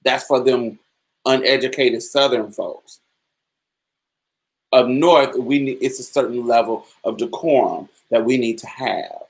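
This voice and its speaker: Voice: medium pitch, a little slow, low-quality recording. Candid podcast host telling stories. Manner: candid, storytelling, loose and colloquial. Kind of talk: casual podcast monologue answering chat.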